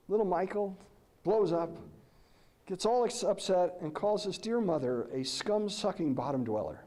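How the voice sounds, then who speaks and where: A middle-aged man giving a presentation, telling animated stories and posing questions to the audience. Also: high voice, a little slow. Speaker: lecturer. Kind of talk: conference presentation.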